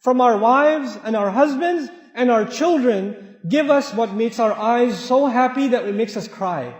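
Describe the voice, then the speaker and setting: A high-voiced man delivers a lively sermon, slipping into other voices to act out family quarrels. His unhurried speech, with few pauses, echoes through a large mosque hall that leaves a long reverb tail.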